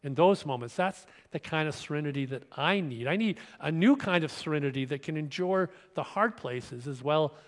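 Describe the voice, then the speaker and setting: Chatty pastor with a lingering cough. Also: male voice, on the high side, lively intonation. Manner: conversational, halting with restarts, asks the congregation questions. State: recovering from a cold, occasional cough. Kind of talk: sermon. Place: church. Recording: long reverb of a church hall.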